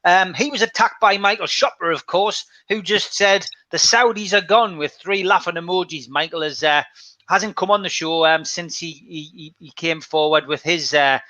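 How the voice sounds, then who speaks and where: A man's voice: high voice, moderate pace, bright, forceful tone, dry recording, lo-fi sound. A man hosting a casual football podcast, upbeat and enthusiastic as he reads viewer comments. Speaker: podcast host.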